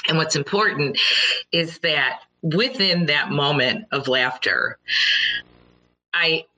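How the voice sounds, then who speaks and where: Bright low-voiced woman giving a motivational talk. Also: takes it slowly, low-quality recording. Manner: earnest and storytelling, with animated quoted reactions. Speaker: speaker addressing listeners.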